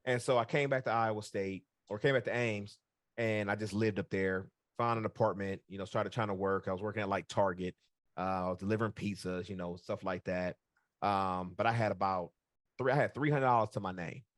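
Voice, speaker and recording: Low-voiced man telling a story. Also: fairly quick, dry recording, clean studio sound. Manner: relaxed, rambling with many fillers and quoted dialogue. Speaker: podcast co-host. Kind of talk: casual storytelling chat.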